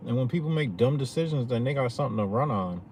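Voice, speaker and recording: A man's voice: mid-range voice, lively intonation, fast talker, darkish tone, slight background noise. A man talking to his viewers in a loose, slangy, profane rant, often asking "you know what I'm saying". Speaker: vlogger.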